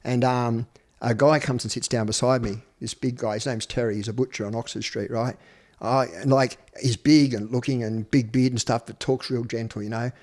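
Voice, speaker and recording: A man's voice: medium pitch, fairly even intonation, normal speed, a little mellow. Blunt, swearing Australian man. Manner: blunt, profane, conversational. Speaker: interview guest. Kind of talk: candid personal storytelling.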